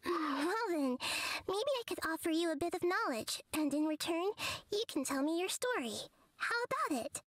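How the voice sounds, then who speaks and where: A curious, playful young woman from a video game, asks her questions in a bright, sing-song way. Her voice sits very high and is recorded dry, with no room around it. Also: expressive, normal speed, dry recording.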